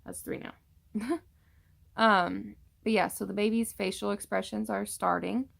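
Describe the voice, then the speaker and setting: Tired, rambling young woman with heavy vocal fry. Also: mid-range voice, steady tone, unhurried, fairly bright tone. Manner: chatty and rambling, many fillers. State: tired, yawning often. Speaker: vlogger. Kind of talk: casual pregnancy update vlog.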